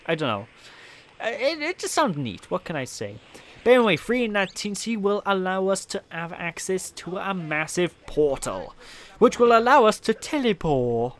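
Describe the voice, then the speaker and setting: A man's voice: sits high, big pitch swings, normal speed, a bit bright. A man with a Welsh accent giving casual, rambling, self-mocking commentary while playing a video game. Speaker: let's play commentator. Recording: game music playing behind. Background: game music.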